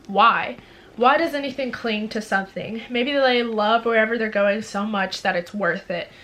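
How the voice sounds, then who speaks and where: Tender male fae lord, read softly by a woman; hushed, bright tone. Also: on the high side, normal speed, natural voice. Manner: soft, hushed reading.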